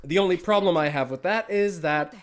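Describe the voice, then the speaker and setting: A man's voice: sits high, fairly quick. A man giving casual live commentary while playing a game, rambling and self-deprecating as he thinks aloud. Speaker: gaming livestreamer.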